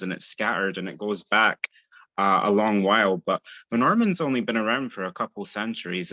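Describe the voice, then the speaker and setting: A man's voice: on the low side, pushed and bright, no room sound, dull audio. A Scottish man chatting easily as a podcast guest. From Scotland. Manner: easygoing, chatty, laughs lightly. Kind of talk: casual interview chat.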